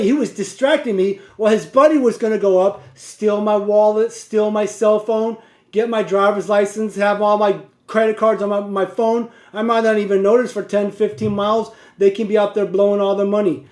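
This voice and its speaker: A man's voice: sits high, darkish tone, echoey room. A man who drives a truck tells a story casually and animatedly, laughing and wandering off on side tracks.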